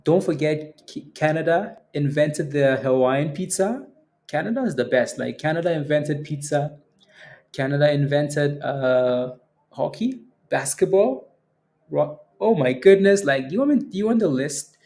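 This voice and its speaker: A man's voice: fairly high pitch, animated, unhurried, warm tone. A man hosting a casual stock trading livestream, joking around with his viewers and laughing often.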